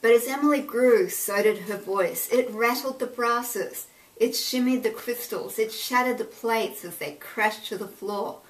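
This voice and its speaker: A woman reading a picture book aloud as a teacher. She reads expressively and pauses to comment on the pages. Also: a little high, recorded from a distance, low-quality recording. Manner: expressive read-aloud, pausing to point out details.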